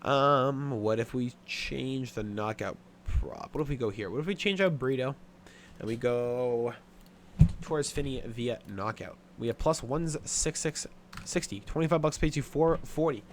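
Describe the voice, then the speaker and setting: A man's voice: mid-range voice, unhurried, a little hiss or hum. A young man hosting a sports betting show, running through his picks in a blunt, casual way with plenty of swearing and filler words. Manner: blunt, profane, offhand with many fillers. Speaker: sports betting podcast host.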